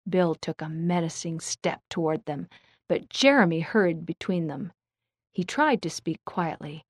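A woman narrating a children's story, reading it aloud in a clear, measured way. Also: fairly low pitch, no room sound.

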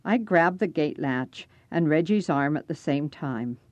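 A woman with a lowish voice reads a first-person storybook aloud, her pitch swinging widely to color each scene. The recording is dry and close, with no room around it. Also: a little slow, no room sound, highs cut off. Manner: expressive first-person reading. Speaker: narrator. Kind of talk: storybook narration.

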